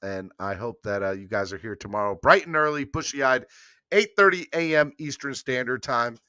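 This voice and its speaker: A man's voice: moderate pace, clean tone, no room sound, clean studio sound. A man from New York hosting a sports podcast, energetically repeating promos and calls to sign up. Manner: energetic, repetitive hype-man pitching.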